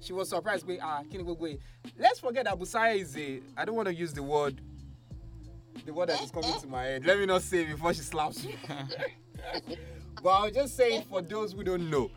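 A man hosting a casual chat, playful and animated, laughing often. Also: high voice, moderate pace, faint music behind. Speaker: host.

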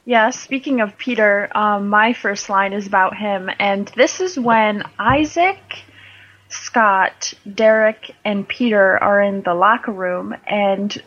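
A woman co-hosting a casual fan podcast, relaxed and laughing through her stories. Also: medium pitch, slow pace. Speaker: podcast co-host. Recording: slightly dull lo-fi audio.

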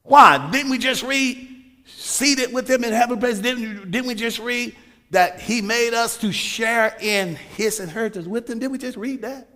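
A pastor preaching a sermon with emphatic rhetorical questions. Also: male voice, very high-pitched, measured pace, bright, forceful tone. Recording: reverberant hall.

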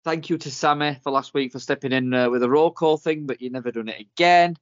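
A man's voice: medium pitch, fast, no echo, muffled recording. A man co-hosting a podcast, apologetic and giggly, stumbling over his words. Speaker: podcast co-host. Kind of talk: casual podcast chat.

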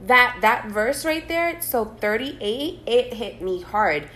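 A woman's voice: on the high side, sing-song, takes it slowly, fairly bright tone, slight background noise. Earnest woman reading scripture aloud. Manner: earnest, emotional when reading verses. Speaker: podcast co-host. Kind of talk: casual faith chat, reading scripture aloud. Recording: echoey room.

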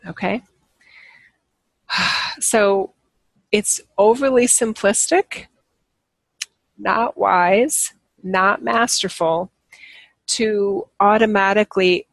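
Woman on a livestream, kinda gravelly voice, rambly, keeps restarting, dry close sound. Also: medium pitch, drawn-out words, long pauses, dry recording. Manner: rambling, self-correcting, laughs at herself. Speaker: livestream host. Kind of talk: casual spiritual talk to live viewers.

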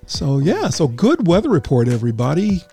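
A man's voice: fairly high pitch, wildly swooping pitch, a little fast, vocal fry, warm tone. A man hosting a live radio and stream show, chatting casually with listeners and laughing at his own jokes. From North Carolina. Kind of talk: casual live show chat with chat roll call. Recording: music playing behind the voice.

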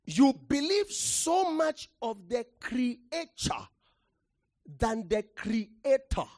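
Passionate preacher mid-sermon: high, swooping pitch, slow measured pace, calls for the crowd to answer back. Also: very animated, no room sound, studio quality. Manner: impassioned, shouting for emphasis with sudden drops to quiet; calls for audience response.

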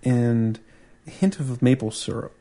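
A man's voice: mid-range voice, measured pace, mellow. A man co-hosting a podcast, talking about beer in a casual, easygoing way that rambles with fillers. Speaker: podcast co-host. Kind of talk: casual beer-tasting chat.

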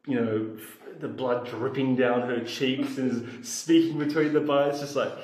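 A man's voice: mid-range voice, fairly even intonation, a little slow, a little mellow, echoey room, slight background noise, rough recording. Easygoing man telling stories. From Australia. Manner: easygoing, self-deprecating, laughs a lot. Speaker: podcast guest. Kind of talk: casual storytelling chat.

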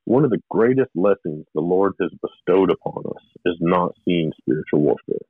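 Deep-voiced man, phone-like sound. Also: expressive, moderate pace, no echo. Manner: rambling, with restarts and short laughs. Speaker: guest telling his testimony. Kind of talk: emotional personal storytelling.

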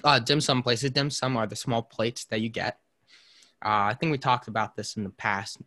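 A man's voice: medium pitch, moderate pace, sharp tone. A man hosting a casual podcast chat, rambling between topics with frequent fillers and restarts. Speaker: podcast host.

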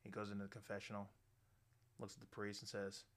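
A man's voice: on the low side, completely flat delivery, brisk, fairly bright tone. A man hosting a podcast, telling crude stories and jokes in a rambling, profane way, full of "you know" fillers. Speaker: podcast host. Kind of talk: crude casual storytelling and joke telling.

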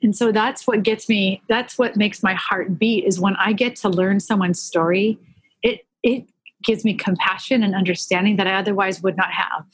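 A woman guest telling earnest faith stories in a podcast conversation, animated and full of restarts. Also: medium pitch, moderate pace, husky, dry recording. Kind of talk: faith-based conversational storytelling.

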